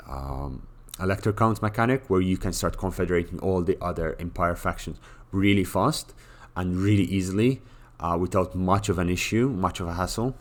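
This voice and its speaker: A man talking casually through a game tier list, blunt and joking, with many fillers and restarts. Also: deep voice. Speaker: gaming commentator.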